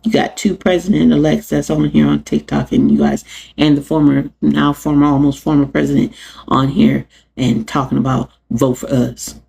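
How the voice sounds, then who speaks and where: A woman hosts her own show and rants to her viewers with sarcastic, animated energy. Her voice is husky, with a gravelly edge. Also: sits low, normal speed. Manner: animated, sarcastic, laughs often, addresses chat. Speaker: podcast host. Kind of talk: live-streamed rant to viewers.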